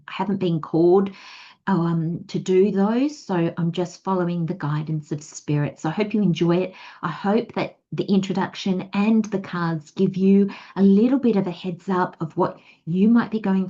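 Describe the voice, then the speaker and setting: An Australian woman with a fairly low, dark-toned voice gives a tarot reading, offering casual spiritual guidance. She's chatty and rambling, slipping into little acted inner voices. The audio sounds dull.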